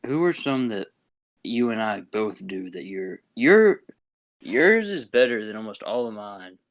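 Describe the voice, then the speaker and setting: A man's voice: on the low side, lively intonation, a little slow. A young man co-hosting a casual podcast, chatting loosely in laid-back, rambling banter. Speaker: podcast co-host. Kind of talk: casual chat.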